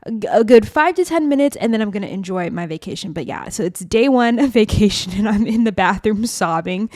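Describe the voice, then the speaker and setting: A woman's voice: mid-range voice, animated, brisk, a little mellow, dry recording, clean studio sound. Candid chatty woman podcast host. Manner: chatty, confessional, with frequent 'like' and 'literally'. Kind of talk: candid solo storytelling. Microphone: podcast microphone.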